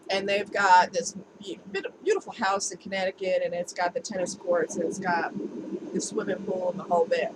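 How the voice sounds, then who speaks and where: A woman's voice: on the low side, fairly even intonation, moderate pace. A woman vlogging casually to camera, talking candidly and laughing easily as she shares her experiences. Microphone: camera mic. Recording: home video with noticeable background noise.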